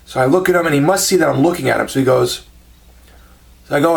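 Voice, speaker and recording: A man's voice: on the high side, fast talker, creaky, pauses often. A man telling funny anecdotes in a casual, self-mocking way, acting out the people he quotes. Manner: chuckling, self-deprecating anecdotes with quoted dialogue. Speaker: channel host telling stories. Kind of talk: casual storytelling monologue.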